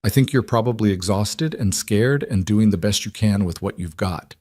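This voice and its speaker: A calm widowed father speaks in a low, steady voice as a male narrator plays him. His words come out careful and reassuring, with nothing hurried about them. The recording is dry and close. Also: dry recording, lightly acted. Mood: gentle.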